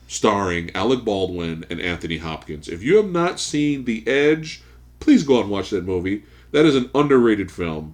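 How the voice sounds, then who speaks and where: A man co-hosting a casual podcast chat, telling stories in a profane, animated way and laughing often. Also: low-pitched. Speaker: podcast co-host.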